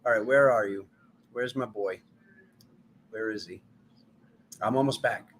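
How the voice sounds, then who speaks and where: A man's voice: fairly low pitch, a little slow, fairly bright tone, a little hiss or hum, poor audio. Chatty man giving tarot readings. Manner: chatty, rambling, self-mocking. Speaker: tarot reader. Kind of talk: casual live-stream chat.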